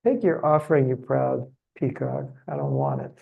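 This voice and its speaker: A man playing a scornful deity, gravelly. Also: medium pitch, huge pitch swings, moderate pace, phone-quality sound, full character voice. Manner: dismissive, scolding. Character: haughty male deity spurning a proud offering.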